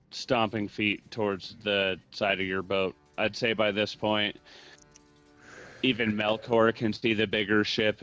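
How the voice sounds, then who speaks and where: A man's voice: fairly low pitch, fairly bright tone, dull audio. A man running a tabletop game as game master, calling for dice rolls and narrating the action.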